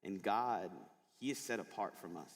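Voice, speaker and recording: A lowish-voiced man speaks at a moderate pace to a middle school audience, telling stories in an informal, filler-heavy sermon. The large school chapel gives his voice a long echo.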